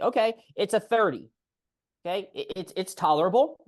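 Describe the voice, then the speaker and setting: A man coaching a client on a call as a physical therapist, explaining in an animated way and acting out what clients say. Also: high-pitched, quick pace. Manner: animated, acts out client voices.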